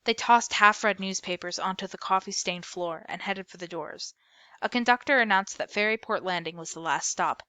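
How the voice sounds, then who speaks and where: A woman reading a novel aloud as a storyteller, steady with small slips and self-corrections. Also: medium pitch, moderate pace, smooth, no room sound.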